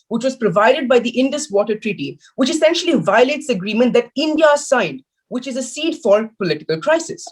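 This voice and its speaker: Husky teenage boy debating, animated pitch. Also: poor audio. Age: teens. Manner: emphatic, argumentative, lively pitch. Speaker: school debater speaking against the motion. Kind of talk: formal competitive debate speech. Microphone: video call.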